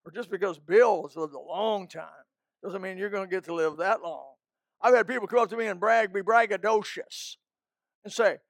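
A man's voice: high-pitched, normal speed, no echo, clean studio sound. An older man preaching a folksy, emphatic sermon, breaking into snatches of hymns.

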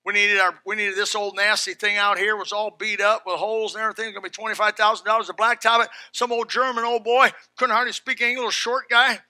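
A middle-aged pastor preaching a sermon, telling folksy stories with animated rises and shouts. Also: male voice, high-pitched, quick pace, few pauses, no echo.

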